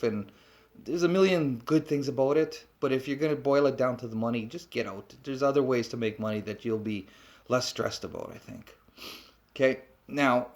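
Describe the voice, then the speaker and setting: A man holds forth to camera in a blunt, animated way, swearing freely. He tags his points with rhetorical questions and talks like an instructor who has said it all before. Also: medium pitch, vocal fry. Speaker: trapping instructor. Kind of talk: blunt off-the-cuff talk to camera.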